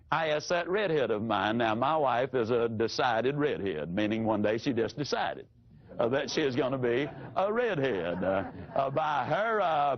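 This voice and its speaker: An older man delivers a sales seminar in a folksy, animated way, toying with inflection as he goes. His voice sits a little high and swings widely in pitch. The recording is dull and lo-fi. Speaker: sales trainer. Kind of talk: motivational seminar talk. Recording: dull lo-fi audio.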